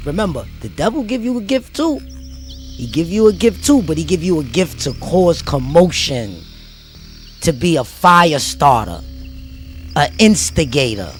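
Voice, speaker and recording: Emphatic, preachy man ranting to viewers. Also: on the high side. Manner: emphatic, repetitive, street slang. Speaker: vlogger. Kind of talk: preachy motivational rant to viewers.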